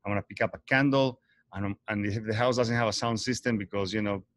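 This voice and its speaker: A man's voice: fairly low pitch, fairly even intonation, fast, fairly bright tone, no room sound. A man hosting a casual livestream talk, earnest and rambling, often correcting himself mid-sentence. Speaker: host.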